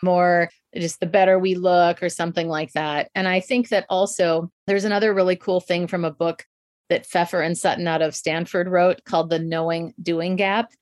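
Middle-aged female guest, communication coach, reflective, quick to laugh, dry close sound. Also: lowish voice, steady tone, a little mellow, no room sound. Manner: thoughtful, laughs often, reflective. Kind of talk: conversational interview.

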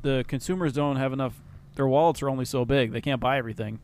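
A man's voice: mid-range voice, fast talker, a little mellow, slight background noise. A man co-hosting a podcast in casual chat, laid-back and joking, laughing often. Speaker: podcast co-host.

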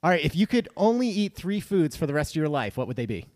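A man co-hosting a podcast, asking quick upbeat questions in casual chat. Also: fairly high pitch, big pitch swings, a little mellow, no room sound, studio quality. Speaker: podcast co-host.

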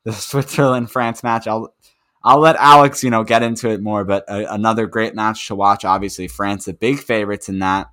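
Casting: male podcast co-host, lowish voice, loose rambling football chat. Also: steady tone, normal speed, sharp tone. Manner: rambling, filler-heavy recap. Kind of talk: casual sports chat.

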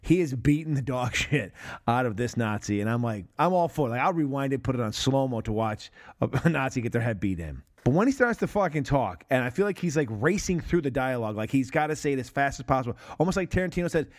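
A man hosting a casual film discussion podcast, cursing freely and jumping into quick impressions of movie dialogue. His voice sits in an ordinary middle register, and his delivery is loose and energetic. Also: mid-range voice. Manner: animated, profane, mimics movie lines. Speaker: podcast host.

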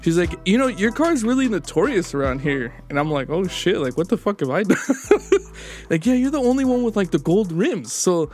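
A young man chats on a podcast, rambling through his stories and laughing at himself. His voice sits a little high. Faint music plays underneath. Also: very animated, fairly quick, a little mellow. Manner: rambling storyteller, swears often, laughs at himself. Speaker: podcast co-host. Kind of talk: casual chat.

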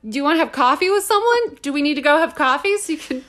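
A woman's voice: high-pitched, lively intonation, fast talker, fairly bright tone. A woman co-hosting a podcast in casual chat, joking and swearing as she acts out made-up scenes. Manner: profane, jokey, acts out scenarios. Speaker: podcast co-host.

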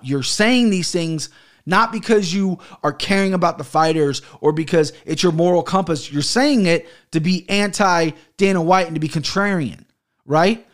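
A man's voice: high-pitched, moderate pace. A man hosting his own podcast from a home studio office, ranting heatedly and swearing often. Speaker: podcast host. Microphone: studio mic on an arm.

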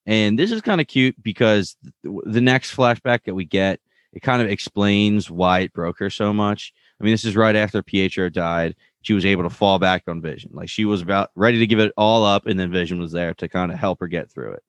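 Deep-voiced man casually recapping. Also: fairly quick, no echo. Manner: relaxed, retells scenes with loose paraphrased quotes. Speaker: podcast co-host recapping a TV episode. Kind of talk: casual chat.

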